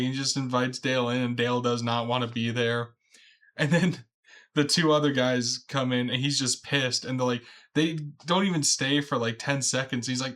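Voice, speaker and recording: A man's voice: mid-range voice, steady tone, normal speed, a bit bright. A young man in a casual podcast chat about a movie, laughing often as he retells scenes. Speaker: podcast co-host.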